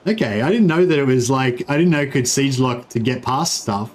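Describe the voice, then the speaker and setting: A man's voice: mid-range voice, lively intonation, fairly quick, darkish tone. A man streaming a strategy game, thinking aloud in hesitant, casual commentary and swearing now and then. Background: faint game music.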